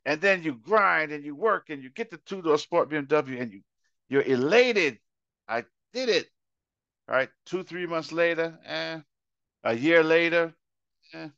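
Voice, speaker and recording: A man preaching a casual Bible study with a bright, forceful voice, acting out little scenes and repeating lines for emphasis. The sound is dry and a bit dull. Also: fairly high pitch, normal speed, no room sound. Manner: illustrates with acted-out examples and repetition. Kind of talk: conversational sermon.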